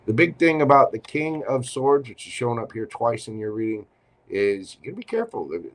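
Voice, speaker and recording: A man giving a live tarot reading, chatty and expressive, speaking straight to the viewer. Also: medium pitch. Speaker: tarot reader.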